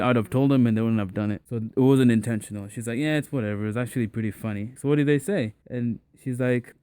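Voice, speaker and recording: A man's voice: mid-range voice, clear, resonant tone, no room sound. Young man telling a slangy story. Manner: relaxed and slangy, acts out the people in his story. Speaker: vlogger. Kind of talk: casual storytelling.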